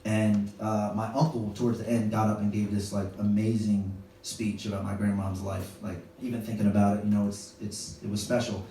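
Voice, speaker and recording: A man doing stand-up comedy, telling a family story in an animated way and jumping into high voices for his kids. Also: normal speed, few pauses. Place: comedy club stage with a laughing audience. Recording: echoey live room, distant mic, background noise.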